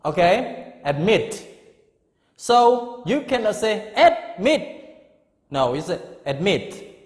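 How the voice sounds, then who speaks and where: Man, middle-aged English teacher, unhurried classroom explanations, slightly high voice, reverberant hall sound. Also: expressive. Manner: slow, repetitive, drawn-out explanations with frequent "okay?". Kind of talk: classroom grammar lesson. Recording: echoey room with long reverb.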